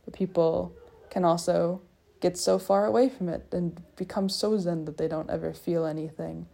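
A young woman with a low, gravelly voice rambles through a personal monologue. Her tone is mellow and a bit dark. She muses in loose circles and mocks herself as she goes. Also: fairly even intonation, normal speed. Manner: musing, self-mocking, talks in loose circles. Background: people faintly heard in the hallway.

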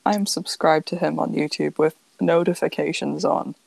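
A young woman on a casual podcast, deadpan and rambling as she talks. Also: deep voice, normal speed, gravelly, dry recording, low-quality recording. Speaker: podcast co-host. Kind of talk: casual chat.

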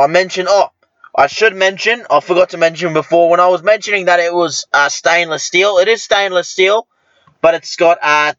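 A man's voice: fairly high pitch, bright, forceful tone, dry recording, dull audio. A young man hosting a podcast, rambling and swearing constantly, now and then flaring into angry rants. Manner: foul-mouthed, rambling, flares into ranting. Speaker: podcast host. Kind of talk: crude comedic monologue.

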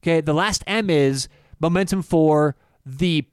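A man co-hosting a sports betting podcast, talking in an animated, emphatic way and swearing casually. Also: a little high, measured pace, clear, resonant tone, dry recording, studio quality. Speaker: podcast co-host, sports bettor.

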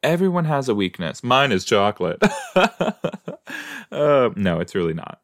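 Speaking at a moderate pace, a man with a medium-pitched voice and big pitch swings hosts a casual watch-along podcast about a TV episode. He's chatty, exclaims at what's on screen and answers the characters back, musing with playful asides.

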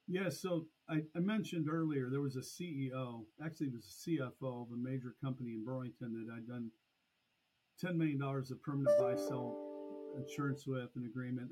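A middle-aged man, a podcast guest, telling a long story in a lively conversational way. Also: mid-range voice, low-quality recording. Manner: animated, acts out past conversations. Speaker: podcast guest, annuity expert.

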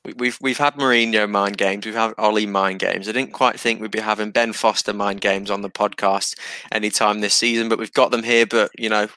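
Bright-toned, dry-sounding male podcast host. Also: on the low side, steady tone, fairly quick, smooth, no echo. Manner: chatty, teasing, frequent fillers. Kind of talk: casual fantasy football chat.

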